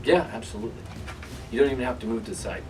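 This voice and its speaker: A man narrating as game master of a tabletop game, animated and hesitant. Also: medium pitch, rapid-fire, heavy background noise. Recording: distant mic with music behind.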